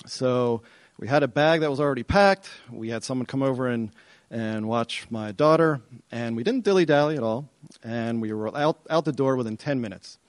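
A middle-aged man telling a personal story to an audience, animated and excited, often repeating himself as he goes. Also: mid-range voice, normal speed, dry recording. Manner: animated, excited retelling with self-interruptions and repeats.

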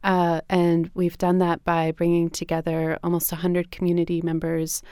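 A woman guest explaining her arts education work in a measured way, with frequent fillers. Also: on the low side, monotone, dark tone, clean tone, no room sound, studio quality. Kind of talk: interview answers.

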